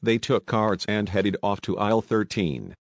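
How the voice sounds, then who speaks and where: A man narrating an audiobook in steady, even scripted storytelling. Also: fairly low pitch, measured pace, vocal fry, dry recording.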